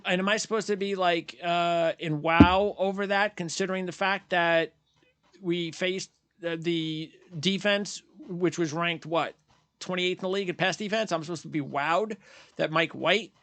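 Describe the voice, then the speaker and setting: A man's voice: high voice, fairly even intonation, normal speed, fairly bright tone, dry recording. A man hosting post-game sports commentary, ranting bluntly and heatedly, repeating his points and mocking fans in quoted voices. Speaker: sports channel host.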